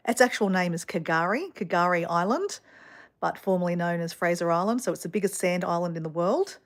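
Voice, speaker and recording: A woman's voice: fairly low pitch, expressive, brisk. A middle-aged Australian woman vlogger, chatting casually through a rambling personal story full of fillers and asides.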